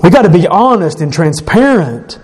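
A man's voice: sits high, sing-song, normal speed, a little mellow. A pastor, a man, delivers an emphatic sermon in a slightly raised voice. He speaks earnestly and conversationally, with frequent restarts and self-corrections.

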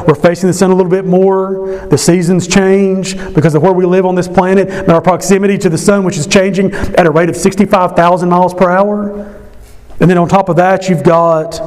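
A man preaching a sermon as pastor at a church service, impassioned, his voice climbing high when he stresses a point. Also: darkish tone.

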